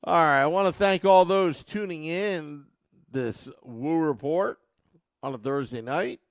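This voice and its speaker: A man's voice: a little high, a little slow, clear, resonant tone, dry recording, clean studio sound. A man hosting a sports podcast, talking casually and animatedly to his listeners. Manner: animated, mocks fans with a put-on accent. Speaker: podcast host.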